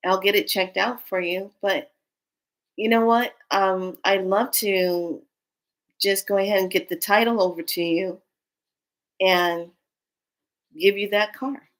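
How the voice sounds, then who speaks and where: A man's voice: high-pitched, fairly even intonation, takes it slowly, long pauses, a bit bright, heavily acted. A woman voicing a friendly, generous man chatting on the phone, quoted within her story.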